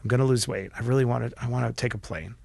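A middle-aged man, a podcast guest, telling a candid personal story earnestly and with feeling, often restarting his sentences and dropping his voice quietly. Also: medium pitch, rapid-fire, creaky, dry recording. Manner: earnest and emotional, with frequent restarts and quiet dips.

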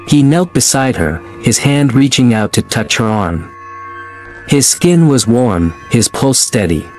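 A man narrating a scripted horror story in a measured, dramatic way. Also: medium pitch, sing-song, a little mellow. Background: faint music.

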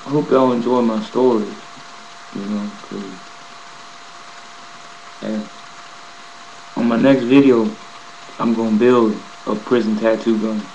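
A man casually telling a personal story to his viewers, animated and profane, acting out the scenes as he goes. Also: fairly low pitch, dull audio, slight background noise. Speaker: vlogger telling a prison story.

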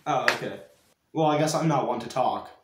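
A man's voice: mid-range voice, normal speed, echoey room. A young man giving reaction commentary on his own old video, mocking himself and laughing at it. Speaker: YouTuber.

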